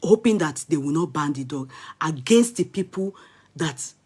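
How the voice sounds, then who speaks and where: Middle-aged Nigerian woman telling a lively story. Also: sits low, moderate pace, husky. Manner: animated, dramatic retelling with rises and soft asides. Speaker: vlogger. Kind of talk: casual storytelling.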